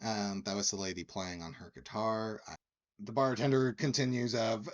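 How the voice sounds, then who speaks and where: A man's voice: fairly low pitch, steady tone. A man co-hosting a podcast, telling a rambling bar anecdote in casual chat with frequent restarts. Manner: slow, halting anecdote telling with quoted voices. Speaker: podcast co-host.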